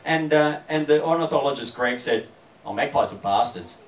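A man's voice: medium pitch, lively intonation, normal speed. A man chatting playfully with a live audience between songs, self-deprecating and casual. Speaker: singer-songwriter performing live. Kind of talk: casual stage banter with the audience. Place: live music venue. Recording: echoey live room from far off, music behind. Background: guitar.

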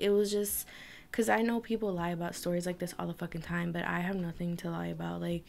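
A woman's voice: lowish voice, gravelly. A young woman vlogger telling a frightening personal story to her camera, tense and emotional, often dropping to a whisper. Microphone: camera mic.

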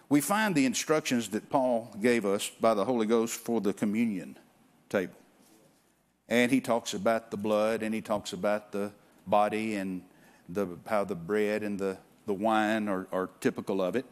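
A man preaching as a guest pastor in a church, talking casually, often restarting and repeating words, and reading scripture aloud with emphasis. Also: mid-range voice. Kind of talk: sermon. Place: church sanctuary.

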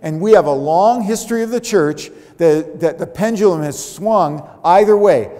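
A man preaching a sermon as pastor, in a conversational, animated way, acting out little everyday reactions as he goes. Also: sits high, moderate pace. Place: church sanctuary. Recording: long church reverb.

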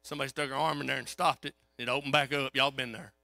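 A man preaching a sermon, telling a story in a folksy, animated way. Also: medium pitch, fast talker, vocal fry, no echo, clean studio sound, faint music behind. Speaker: pastor.

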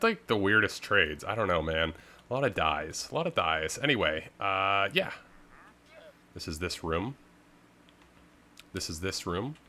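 A man's voice: low voice, bright, forceful tone. A young man, rambling easily through casual game commentary with lots of filler words. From Canada. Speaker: gaming video host.

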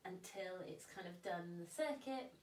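A woman's voice: lowish voice, measured pace. A woman, chatting as a film guest and laughing often. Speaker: guest filmmaker and actress. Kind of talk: casual chat. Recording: roomy distant mic with faint noise.

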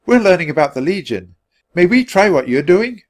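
A man reading a storybook aloud, voicing an eager, bold young girl who jumps in excitedly. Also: high voice, voice pushed up. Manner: excited, quick to jump in.

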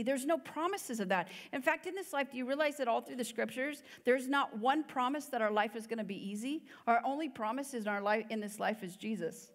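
A woman's voice: a little high, brisk, hardly any pauses. A woman giving a sermon as a guest preacher, in an earnest, conversational way with many fillers. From United States. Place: church hall. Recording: long church hall reverb.

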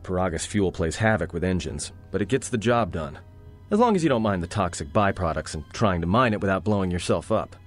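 An actor playing a sarcastic, roguish young prisoner in a video game, with a low, gruff voice and dry, cocky delivery. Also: male voice, expressive, brisk. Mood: sardonic. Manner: wry, cocky, dry jokes. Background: game music.

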